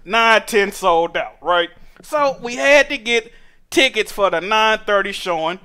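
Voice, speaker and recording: Young male streamer, high bright voice, profane animated storyteller. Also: a little slow, clean tone. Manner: profane, animated, rising to exasperated shouting. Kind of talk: casual storytelling rant.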